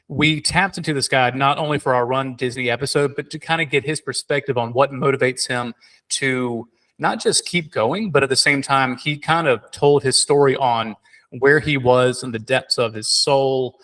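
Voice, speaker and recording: A man in casual podcast conversation, spinning an animated personal story. His voice has a bright, pushing quality. He stumbles, restarts and piles on fillers as he goes. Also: mid-range voice. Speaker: podcast host.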